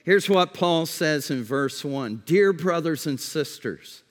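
A male pastor delivers a sermon in a high voice and at an unhurried pace. He repeats his key phrases and drops to a quieter tone to drive a point home. A long reverb trails each line, as if from a large hall. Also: lively intonation.

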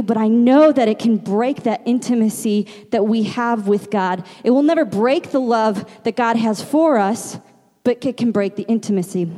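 Brief: woman preacher in her thirties, higher voice, earnest storytelling sermon, hall reverb. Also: warm tone. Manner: earnest, storytelling, rhetorical questions. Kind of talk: conversational sermon with personal story.

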